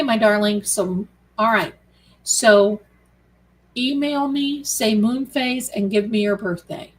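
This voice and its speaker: A woman's voice: a little high, low-quality recording. A woman hosting a tarot live stream, chatting casually and affectionately with viewers she calls her darlings. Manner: chatty and rambling, reads out viewer comments.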